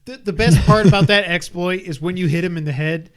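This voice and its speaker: Guy rambling on a gaming podcast, kinda high voice, lots of ums and restarts. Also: a little fast. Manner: rambling, animated, frequent fillers and restarts. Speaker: podcast co-host. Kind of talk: casual gaming chat.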